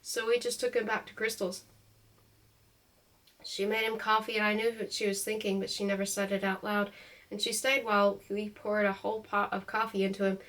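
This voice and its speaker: A woman reading a first-person novel aloud in an expressive, emotional way. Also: mid-range voice, a little fast, rough recording. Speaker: audiobook reader.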